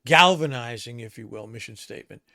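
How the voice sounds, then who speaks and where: Gravelly male podcast host. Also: medium pitch, expressive, sharp tone, no echo, clean studio sound. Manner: measured, halting questions with restarts. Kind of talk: interview conversation.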